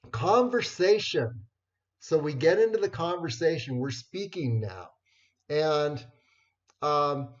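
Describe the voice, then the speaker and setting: Slow, unhurried man presenting. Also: on the high side. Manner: unhurried, many fillers and restarts. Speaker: networking presenter. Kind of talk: informal talk on networking skills. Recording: dull lo-fi recording.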